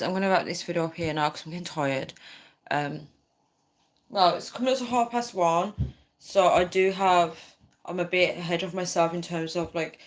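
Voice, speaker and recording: A woman's voice: low voice, fairly bright tone. A woman chatting casually on a livestream, rambling and reading out viewer comments. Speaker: livestream host.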